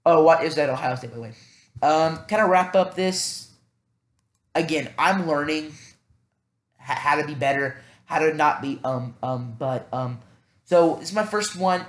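A man's voice: on the high side, moderate pace, echoey room. A man hosting a casual solo podcast, thinking aloud in a rambling, self-deprecating way with many fillers. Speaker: podcast host.

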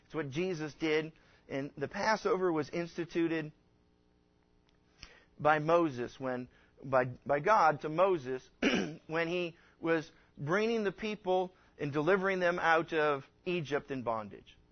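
A man's voice: fairly high pitch, takes it slowly. A man preaching a conversational sermon as a pastor, folksy and rambling, acting out the people he quotes. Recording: dull lo-fi recording.

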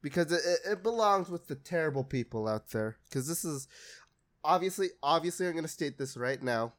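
A man's voice: fairly high pitch, animated, a little fast. Sarcastic swearing man, casual podcast. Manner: sarcastic, swears freely, laughs often. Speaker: podcast co-host. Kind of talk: casual chat.

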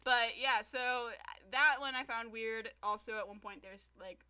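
A woman chatting casually as a podcast co-host, recapping a TV episode with profane, animated storytelling and acting out the characters' lines. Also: fairly high pitch, measured pace, clear, resonant tone.

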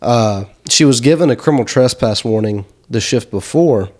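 Relaxed young man rambling an anecdote. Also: mid-range voice, normal speed. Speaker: podcast co-host. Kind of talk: casual chat.

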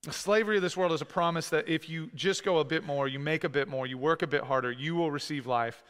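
High-voiced earnest male preacher. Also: quick pace, a bit bright, smooth, big-room sound. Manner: earnest, pleading, with rhetorical questions. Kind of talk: sermon.

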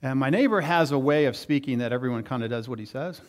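Speaking quickly in a mid-range voice, this middle-aged male pastor delivers a sermon full of stories. He's lively and animated, putting on the voices of those he quotes.

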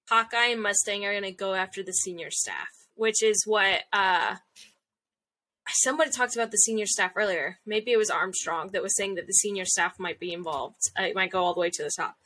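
A woman's voice: medium pitch, normal speed, pushed and bright. A woman casually recapping a show episode, retelling scenes and acting out the characters' lines. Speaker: podcast co-host.

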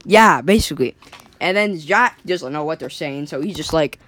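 An animated storyteller talks through a cartoon plot in a loose, rambling way. Sentences tumble along with constant fillers and restarts, and the quoted lines jump up in pitch and loudness. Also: moderate pace, no room sound. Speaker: storyteller retelling a cartoon episode. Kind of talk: casual excited retelling.

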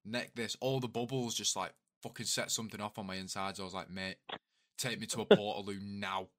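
Low-voiced young man joking crudely. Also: steady tone, fairly quick, fairly bright tone. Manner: crude, jokey storytelling. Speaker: podcast co-host and editor. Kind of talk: casual chat.

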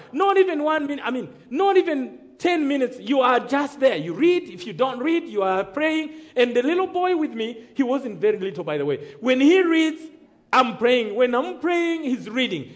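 A man preaching his own testimony in a strikingly high voice. He tells his story dramatically, acts out the dialogue, and keeps checking in with the congregation for an amen. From Rwanda. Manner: dramatic storytelling, acting out dialogue, calling for amens. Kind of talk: sermon testimony.

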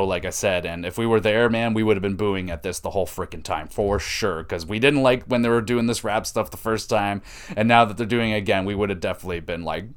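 Profane, excitable man recapping wrestling. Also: on the low side, smooth. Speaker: podcast host.

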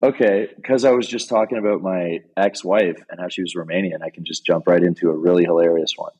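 A man's voice: low-pitched, steady tone, brisk, a little mellow, husky, muffled recording. A man guesting on a podcast, telling long rambling stories in a laid-back way with lots of "like"s. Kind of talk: casual storytelling.

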